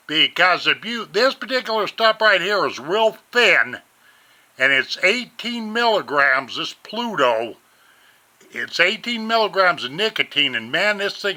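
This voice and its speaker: A man from Montana, rambling folksily through a casual product review at home on a webcam. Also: high-pitched. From Montana, USA. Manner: folksy, rambling, addresses viewers as ladies and gentlemen. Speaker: vlogger reviewing vape gear.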